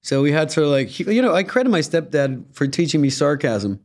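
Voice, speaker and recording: A man's voice: a little high, sing-song, fairly quick. A young man from Guatemala, an actor and comedian, chatting playfully in an interview with lots of fillers and laughs. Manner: playful, laughing, filler-heavy, acts out voices. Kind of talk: casual interview.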